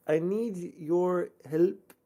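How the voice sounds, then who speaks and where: Lady doing a worried parent reading a clumsy letter out loud, slow and halting. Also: lowish voice, voice pushed up. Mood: pleading. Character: worried parent writing a badly spelled letter.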